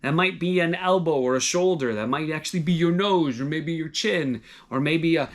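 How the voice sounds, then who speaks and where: Guy preaching a relaxed sermon, kinda higher voice, easygoing and encouraging. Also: moderate pace. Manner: conversational, gentle encouragement. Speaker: pastor.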